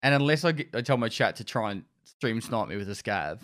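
A man who streams games, talking in an animated way in podcast chat and laughing mid-sentence. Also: fairly low pitch, brisk. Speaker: game streamer.

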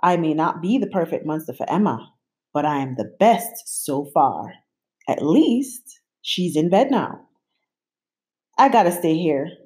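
Lady doing gruff bossy monster boy, growly, storybook voice. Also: low-pitched, sing-song, darkish tone. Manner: growling, brisk.

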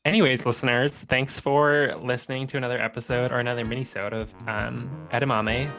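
A man's voice: mid-range voice, steady tone, brisk, fairly bright tone, soft background music. A young man co-hosting a podcast over a video call, chatty and giggly with lots of fillers. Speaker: podcast co-host. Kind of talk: casual chat.

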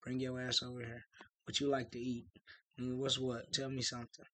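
A man co-hosting a podcast in casual chat, talking bluntly and profanely with animated storytelling. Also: mid-range voice, a little fast, no room sound. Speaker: podcast co-host.

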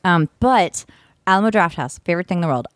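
A woman's voice: on the low side, fast talker, dry recording, clean studio sound. Chatty woman telling rambling stories. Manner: animated storyteller, rambling with fillers. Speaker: podcast co-host. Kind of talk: casual chat.

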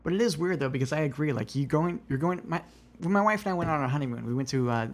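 A man's voice: on the high side, fast. Easygoing man hosting a podcast chat. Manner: relaxed, conversational, many fillers and agreeing replies. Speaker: podcast host. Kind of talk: casual podcast conversation.

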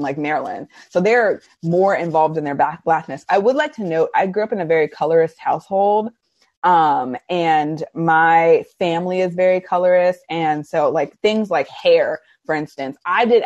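A woman's voice: deep voice, dry recording. A woman chatting casually as a podcast host, telling personal stories and laughing often. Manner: animated storytelling with frequent laughs. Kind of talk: casual conversation.

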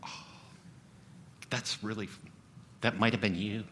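A man's voice: on the low side, steady tone, takes it slowly, a bit bright, a little hiss or hum. A middle-aged man preaching a sermon as a pastor, talking conversationally and joking with the congregation. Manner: conversational, humorous asides to the congregation.

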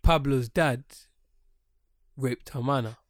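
A man co-hosting a podcast, telling a long story in casual chat, animated and rambling, swearing freely. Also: medium pitch, slow, no echo, studio quality. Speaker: podcast co-host.

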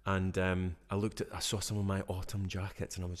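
A man in his forties co-hosting a podcast in casual chat, laughing often, recorded in a room with high ceilings. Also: little pitch movement, a little fast, hardly any pauses. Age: 40s. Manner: laughs often, chatty and self-mocking. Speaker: podcast co-host. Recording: echoey room.

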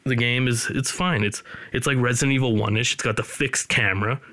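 A man's voice: mid-range voice, fairly even intonation, brisk, pushed and bright, dry recording. A man hosting a podcast from his studio, rambling loosely and teasing his co-host in casual chat.

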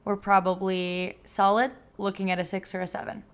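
A young woman hosting a casual solo podcast, handing out quick, wry, deadpan verdicts. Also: mid-range voice, clean tone. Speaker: podcast host. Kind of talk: casual solo podcast, rating listener submissions.

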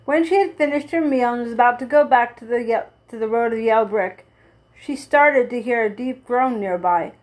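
A woman reading a children's storybook aloud at a steady pace, with small slips and restarts. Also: on the high side, moderate pace, poor audio. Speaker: reader.

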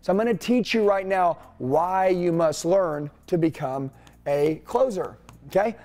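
A man coaching salespeople in an energetic, punchy way, firing off rhetorical questions. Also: high-pitched, a little slow, faint music behind. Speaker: sales trainer.

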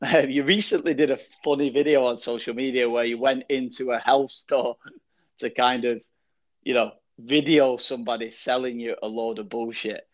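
A man hosting a podcast interview, relaxed and swearing casually. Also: mid-range voice, normal speed. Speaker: podcast host. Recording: dull lo-fi sound.

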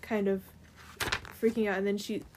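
A woman's voice: medium pitch, flat delivery, moderate pace, darkish tone, slight background noise. A young woman co-hosting a casual chat, rambling through a plot recap with lots of fillers. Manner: chatty, rambling, filler-heavy. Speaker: co-host.

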